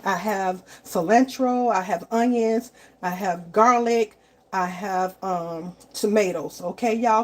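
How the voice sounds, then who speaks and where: A woman's voice: medium pitch, a little hiss or hum. A woman, chatting casually to viewers while cooking live in her home kitchen, often repeating herself and calling them y'all. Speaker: home cook livestreaming.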